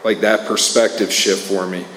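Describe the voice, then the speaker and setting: A man's voice: on the low side, flat delivery, normal speed, fairly bright tone. A man speaking at a recovery meeting, sharing a candid, earnest personal testimony full of casual fillers. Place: meeting hall. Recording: echoey hall with faint noise.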